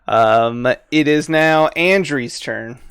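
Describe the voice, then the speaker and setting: Male game master, relaxed, chuckles a lot, slow delivery. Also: on the high side, clean tone, no room sound, clean studio sound. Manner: laid-back, laughs often, fillers while thinking. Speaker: dungeon master. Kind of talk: narrating a tabletop game.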